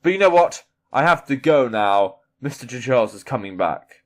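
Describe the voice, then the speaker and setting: A man's voice: mid-range voice, lively intonation, moderate pace. A man reading an online quiz aloud in character and reacting to it, swearing casually and boasting in mock bravado. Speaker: YouTuber playing a character persona.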